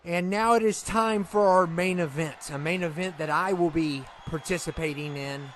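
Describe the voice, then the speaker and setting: A man's voice: on the high side, moderate pace, slight background noise. A man whining and rambling as he commentates a wrestling video game in character. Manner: whiny, exasperated rambling.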